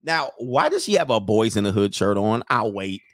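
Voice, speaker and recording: A man's voice: lowish voice, very animated, moderate pace, dry recording. Sarcastic joking man, dry close sound. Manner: joking, sarcastic, laughs often. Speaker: reaction commentator. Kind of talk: comedic reaction commentary.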